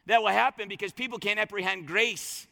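A man's voice: high-pitched, steady tone, fairly quick, vocal fry, pushed and bright, big-room sound. A man preaching a sermon as a pastor, fervent and colloquial, repeating lines for emphasis.

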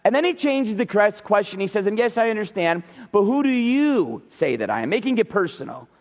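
A man's voice: high voice, very animated, fairly quick, big-room sound, muffled recording. A man preaching a Sunday sermon, earnest and emphatic, repeating key words for stress. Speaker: pastor.

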